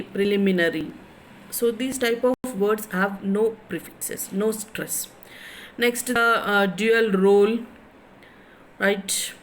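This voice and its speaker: Slow-speaking lecturer with a Telugu accent. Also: female voice, medium pitch, a little hiss or hum, poor audio. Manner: slow, repetitive, drawn-out words. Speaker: college English lecturer. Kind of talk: classroom lecture.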